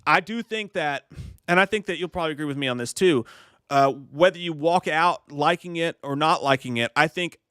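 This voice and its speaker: A man co-hosts a casual movie review chat, giving careful, hedged opinions. His voice sits a bit high for a man. The recording is dry and close, with no room sound. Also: bright, forceful tone, smooth, no echo. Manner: measured, hedging opinions with "I think". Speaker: co-host.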